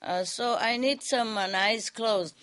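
A woman's voice: fairly high pitch, slow pace, a bit bright. A woman voicing a sly old mullah who plays innocent while teasing the man he is talking to. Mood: coy.

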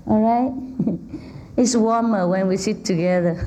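A woman's voice: medium pitch, a little slow, dark tone. A woman speaker giving an informal spiritual talk to a live audience, joking and laughing often as she chats with the people around her. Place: indoor hall with a seated audience. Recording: dull lo-fi recording.

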